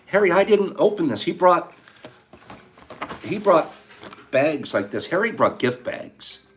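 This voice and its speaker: Lively older man chatting warmly. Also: on the high side, unhurried, soft background music. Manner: animated, warm storytelling with bursts of laughter. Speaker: host of a live tea-time stream. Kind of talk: casual chat, opening gifts and reading cards.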